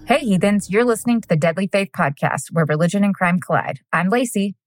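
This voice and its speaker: A woman's voice: mid-range voice, a little fast, no room sound, faint music behind. A woman in her thirties co-hosting a podcast in casual chat, bubbly and giggly, swearing casually. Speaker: podcast co-host.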